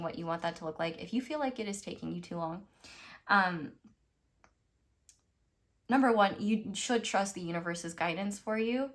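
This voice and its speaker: A young woman from the United States giving a casual, rambling tarot reading, full of fillers and little laughs. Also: lowish voice. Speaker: tarot reader.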